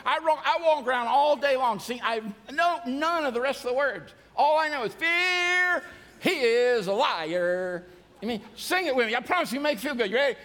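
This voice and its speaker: A male pastor preaching a sermon to a church, energetic, often shouting and singing along with the congregation. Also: high voice, big-room sound. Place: large church hall.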